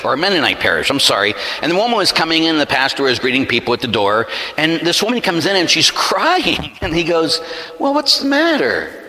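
A pastor preaching a sermon in a large church, telling a story and acting out the voices in it. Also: male voice, a little high, sharp tone. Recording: echoey church hall.

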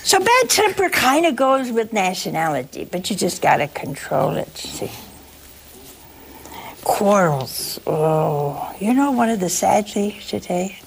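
A woman's voice: mid-range voice, sing-song, vocal fry, a little hiss or hum. A woman giving a folksy, sermon-like talk to listeners, leaning hard on key words. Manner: folksy, emphatic, slow stresses on key words.

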